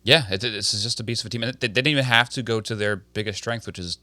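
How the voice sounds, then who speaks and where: Fast-talking low-voiced man, bright tone. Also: no echo. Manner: quick, animated, laughs often. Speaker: podcast co-host. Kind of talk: casual sports recap chat.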